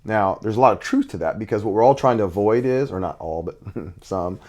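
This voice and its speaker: A man's voice: lowish voice, a little fast, a little mellow. A middle-aged man, a basketball coach and father, talking intensely in casual conversation with many restarts.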